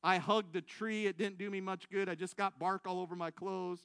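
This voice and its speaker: Bright-voiced man preaching a testimony. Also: sits high, steady tone, a little fast, clear, resonant tone, no room sound. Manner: storytelling, acts out his own thoughts, audience call-and-response. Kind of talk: sermon testimony. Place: church.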